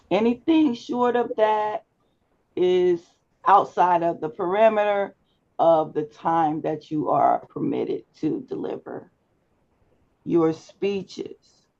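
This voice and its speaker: A woman instructor lectures her class over a video call, her words coming slow and deliberate with a gravelly edge. Her tone is firm and instructive as she speaks to students directly, and the call audio sounds slightly dull. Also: mid-range voice, warm tone. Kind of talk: live online class lecture. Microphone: computer mic on a video call.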